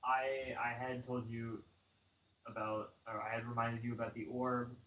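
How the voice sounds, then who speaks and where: A man talking as a player in a tabletop game, halting and restarting as he explains. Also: mid-range voice, flat delivery, sharp tone, far from the mic. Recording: roomy, dull audio with faint noise.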